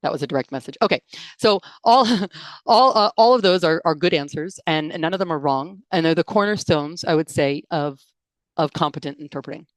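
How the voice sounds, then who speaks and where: Young woman, low voice, chatty trainer on a video call, dry close sound. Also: brisk, dry recording. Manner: chatty and playful, laughs and reacts to chat comments. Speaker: interpreting trainer giving an online talk. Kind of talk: live webinar presentation with audience chat. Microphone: computer mic on a video call.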